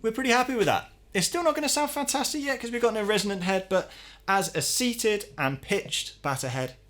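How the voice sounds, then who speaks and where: A man giving a calm, methodical hands-on tutorial, explaining each step as he works on a drum. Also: sits high, fairly quick, soft background music. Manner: calm, methodical, talks while working. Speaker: drum teacher.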